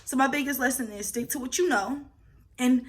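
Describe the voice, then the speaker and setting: A young woman vlogger telling a personal story in a casual, animated and profane way, acting out scenes as she goes. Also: sits high, fairly quick, background noise.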